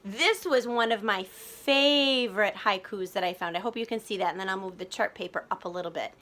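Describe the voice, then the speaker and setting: A teacher talks her students through a lesson in a bright, clear voice. She explains patiently, step by step, with plenty of ums along the way. The sound comes from a phone set up in a classroom. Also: mid-range voice, a little fast. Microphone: phone filming chart paper.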